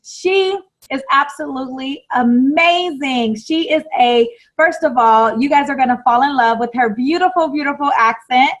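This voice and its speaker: A woman's voice: high voice, moderate pace, low-quality recording. An American woman hosting an online summit, gushing with enthusiasm and repeating words for emphasis. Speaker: summit host. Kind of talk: enthusiastic interview introduction.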